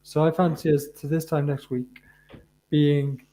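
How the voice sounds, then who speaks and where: A man's voice: a little high, little pitch movement, measured pace, warm tone. A man from the UK chatting on a podcast as a co-host, laying out his points in an earnest, methodical way. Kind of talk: casual podcast chat.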